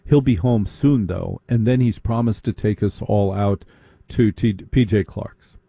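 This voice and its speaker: A man's voice: lowish voice, measured pace, creaky, dark tone, slightly rough, no echo, studio quality. A man telling a long comic story with a mocking tone, slipping into put-on voices of the people he mocks.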